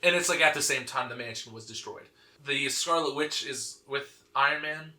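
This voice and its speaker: A man hosting a podcast, recapping a comic story in casual, animated chat, full of "like" and quick laughs. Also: medium pitch. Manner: animated, laughing, lots of fillers like "like". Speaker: podcast host. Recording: echoey room.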